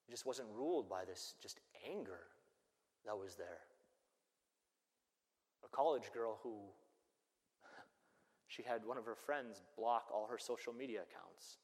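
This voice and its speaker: A man's voice: lowish voice, unhurried, long pauses. Male priest preaching in an echoing church. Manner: animated storytelling that acts out the people it quotes. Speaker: Catholic priest. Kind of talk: sermon. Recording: long church-hall reverb.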